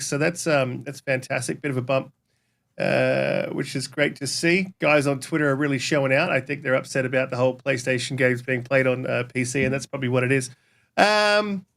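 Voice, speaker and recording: An Australian man co-hosting a casual podcast, talking in a deadpan, teasing way. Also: medium pitch, vocal fry. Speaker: podcast co-host.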